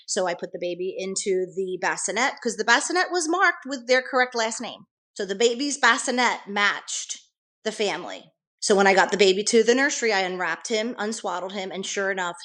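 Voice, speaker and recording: In a guest interview, a middle-aged nurse gives a detailed, earnest account, often restarting her sentences. She has a mid-range, slightly bright voice and talks fairly quickly in a conversational storytelling style.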